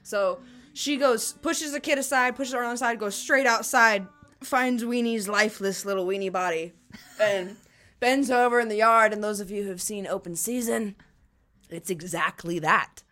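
A woman's voice: mid-range voice, normal speed, bright, forceful tone. A young woman co-hosting a podcast, telling stories in a casual, giggly way and swearing freely. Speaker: podcast co-host. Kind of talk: casual chat.

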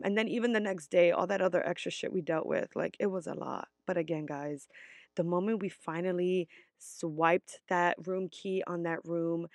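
A young woman tells a story to her vlog audience in a loose, chatty way. She swears freely and strings her thoughts together with fillers. Her voice sits at a middling pitch and sounds dry and close, with no room echo. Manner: profane, chatty, full of "like" fillers. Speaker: vlogger. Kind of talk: casual storytelling.

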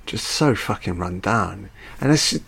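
Gravelly man, crude casual commentary. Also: lowish voice, expressive, unhurried, a bit bright. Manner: crude, joking, off-the-cuff, heavy swearing. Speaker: film commentator. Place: at home with a dog.

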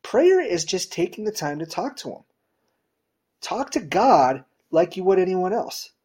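Man, preacher, conversational sermon, husky, informal and direct, emphatic. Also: sing-song, unhurried. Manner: informal, direct, often addresses listeners with "you know" and "right?"; emphatic swings in pitch and loudness.

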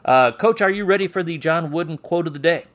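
A man's voice: fairly high pitch, fast talker. A man hosting a coaching podcast in an easygoing, chatty way, teasing his guest and reading out a quote of the day. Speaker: podcast host. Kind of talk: casual podcast interview.

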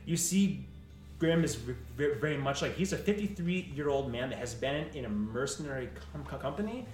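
Animated male game master, echoey room. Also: mid-range voice, moderate pace, recorded from a distance, faint music behind. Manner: animated, laughing, stumbling over words. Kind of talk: narrating a tabletop game.

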